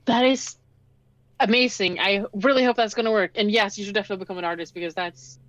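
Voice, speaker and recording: A woman's voice: medium pitch, quick pace, no echo. Woman player, mid voice, dry dull lo-fi sound. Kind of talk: tabletop role-play chat.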